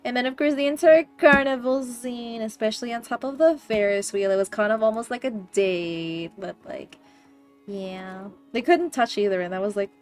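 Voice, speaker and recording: High-voiced excitable woman, swearing a lot. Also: moderate pace, faint music behind. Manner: excitable, swears a lot, loud laughing outbursts. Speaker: streamer hosting a book club. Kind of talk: casual chat.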